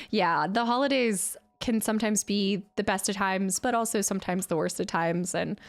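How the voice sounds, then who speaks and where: A woman streamer chatting casually with her viewers, excitable and quick to squeal and laugh. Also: medium pitch, creaky. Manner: excitable, squeals and laughs when opening gifts. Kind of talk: casual live-stream chat.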